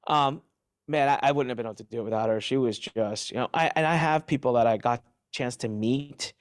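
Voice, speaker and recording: Middle-aged man, interview guest, animated and emphatic, dry sound. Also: medium pitch, fairly quick, no room sound. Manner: emphatic, animated retelling with restarts. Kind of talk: candid interview answers.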